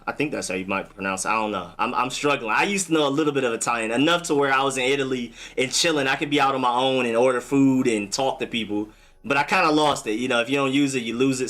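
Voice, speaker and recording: A young man hosting a casual live stream, chatting in a relaxed way and answering viewer comments. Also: mid-range voice.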